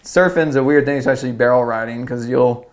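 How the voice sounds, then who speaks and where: A man's voice: mid-range voice, a little fast. A young man from South Carolina, a surfer and podcast guest, telling a story casually and rambling with lots of "like". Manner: rambling, lots of "like", acts out quotes.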